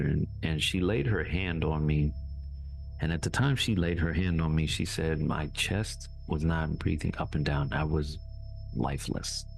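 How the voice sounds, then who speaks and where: Low, raspy male storyteller, animated, music bed. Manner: animated, voice jumps high when reliving anger. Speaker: guest survivor telling his story. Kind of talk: casual storytelling.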